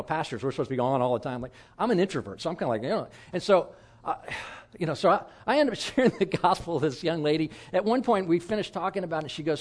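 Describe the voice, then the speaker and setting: A middle-aged man preaching a sermon as pastor, telling stories in a candid, self-deprecating, conversational way. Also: fairly high pitch.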